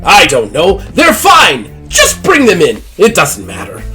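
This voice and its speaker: A flamboyant tabletop-game showman, shrieking way up high and loud, swooping wildly and full of himself, bossy and excitable, a squealing blowhard who never stops performing for his guests. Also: measured pace, faint music behind, heavily acted. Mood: shrill, pompous. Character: flamboyant shrill male dinosaur-hunt showman.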